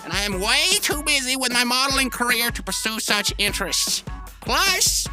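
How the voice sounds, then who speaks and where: A high-voiced woman trades sarcastic, mock-pompous lines in an improvised comedy sketch. She co-hosts a podcast, and music plays clearly underneath her. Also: sing-song, moderate pace. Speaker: podcast co-host.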